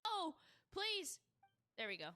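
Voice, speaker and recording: A young woman streaming a game, giggly, playful and quick to exclaim. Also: extremely high pitch, wildly swooping pitch, bright, forceful tone. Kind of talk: casual gaming chat.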